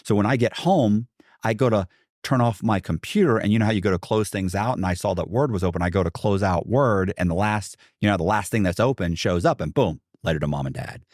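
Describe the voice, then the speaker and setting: A man's voice: fairly low pitch, expressive, brisk, a little mellow, no echo, studio quality. A middle-aged American man, a podcast guest, telling a long story in a rambling way with many restarts and asides. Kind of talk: casual storytelling.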